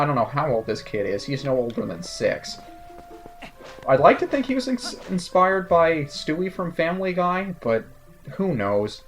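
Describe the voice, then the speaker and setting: A man giving casual, sarcastic commentary over a video game playthrough. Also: fairly high pitch. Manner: sarcastic, joking asides. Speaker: let's play commentator.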